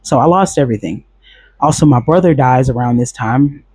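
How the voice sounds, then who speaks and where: A man's voice: medium pitch, normal speed, slightly rough, no echo. A man bluntly recounting a personal story to camera, swearing often and acting out other people's lines. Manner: blunt, profane, animated retelling with quoted voices.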